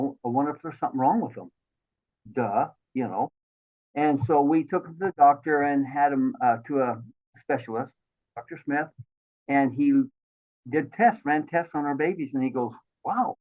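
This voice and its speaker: A man in his sixties telling his life story as an interview guest, animated and acting out the voices of the people he quotes. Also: medium pitch. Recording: thin phone-like line.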